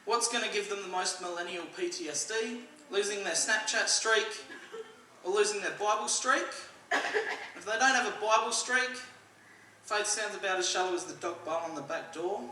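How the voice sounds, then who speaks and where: A man's voice: high voice, moderate pace, a little hiss or hum. Australian man joking in an echoey hall. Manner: dry storytelling, acts out quoted voices loudly. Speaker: stand-up comedian at a church service. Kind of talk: stand-up comedy. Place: church hall. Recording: echoey hall, mic at a distance.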